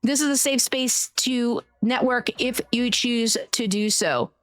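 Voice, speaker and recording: A woman streamer chatting casually with her viewers, greeting them warmly by name and swearing now and then. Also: a little high, measured pace, no echo. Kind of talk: casual live-stream chat.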